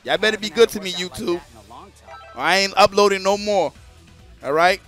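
A man's voice: high-pitched, moderate pace, fairly bright tone, soft background music. A man casually commentating a live stream, joking crudely and talking straight to the chat.

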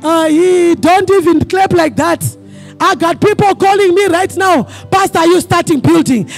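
A pastor preaching a sermon to his congregation, asking them questions for call-and-response and often breaking into fervent shouting. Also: very high voice, moderate pace, creaky, soft background music. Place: church service.

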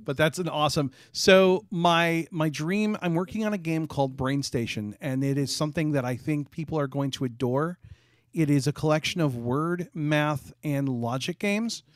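A man's voice: fairly high pitch, no room sound, clean studio sound. A man answering questions as the guest game developer in a webinar, chatty and correcting himself as he goes. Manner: chatty, restarts and self-corrects.

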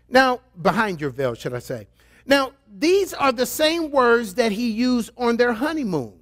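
A pastor preaches in a fairly high male voice, reading scripture aloud. He shifts readily into animated, playful asides to his congregation. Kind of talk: sermon.

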